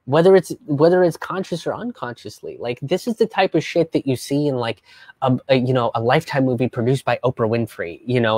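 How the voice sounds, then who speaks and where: A young man hosting a live stream as a comedian, talking in a casual, animated, profane way and slipping into mocking voices. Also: mid-range voice, fast, no room sound. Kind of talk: casual livestream commentary.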